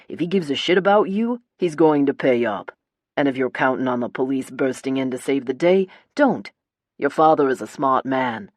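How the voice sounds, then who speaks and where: A woman's voice: deep voice, a little mellow, no room sound, studio quality. Woman doing a crude menacing gangster man. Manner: threatening, crude, mocking. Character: menacing male gangster kidnapper, cruel and taunting. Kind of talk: audiobook character voice.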